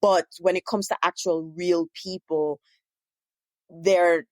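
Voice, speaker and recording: A woman's voice: fairly low pitch, fairly even intonation, slow, a little mellow, no echo. A woman hosting a podcast, talking in a chatty way with many asides. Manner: chatty, frequent "you know" and "right?". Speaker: podcast host. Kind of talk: casual podcast conversation.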